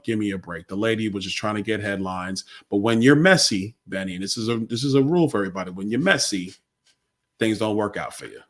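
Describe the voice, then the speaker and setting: A man who is a congressional guest answers in a blunt, plain-spoken way and presses his points hard. His voice sits a little low. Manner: blunt, conversational, emphatic. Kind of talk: interview answers.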